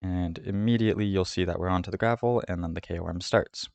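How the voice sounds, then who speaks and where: A man hosting a route guide, giving a steady, methodical voice-over about a race course. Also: sits low, fast talker, creaky, no room sound. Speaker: host of a cycling route guide. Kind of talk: scripted voice-over over game footage.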